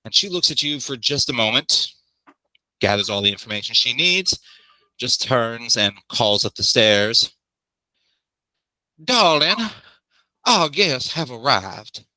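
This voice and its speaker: Brief: male game master, bright and dry-sounding, easygoing descriptive narration. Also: mid-range voice, normal speed, no room sound, rough recording. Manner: relaxed, descriptive, jokey asides.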